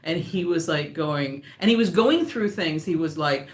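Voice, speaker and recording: Chatty woman knitting host, low voice. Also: expressive, normal speed, roomy sound. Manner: chatty, wandering off on tangents, laughs often. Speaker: knitting designer hosting a live stream. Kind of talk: casual live-stream chat.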